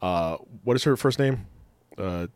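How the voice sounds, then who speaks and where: A man co-hosting a casual chat show, rambling, excitable and laughing often. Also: deep voice, measured pace, smooth, no echo. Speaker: podcast co-host.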